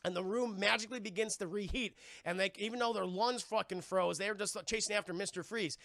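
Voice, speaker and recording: A man's voice: high voice, a little fast, a bit bright, dry recording. A man live-streaming a film recap, rambling with lots of swearing and often talking to his chat. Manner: profane, rambling, addresses chat.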